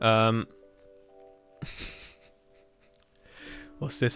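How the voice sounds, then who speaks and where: A man streaming a building game, chatting casually and rambling with dark jokes. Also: mid-range voice, animated, slow pace, gravelly, pauses often, faint music behind. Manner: rambling, joking, darkly humorous. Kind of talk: casual chat while gaming.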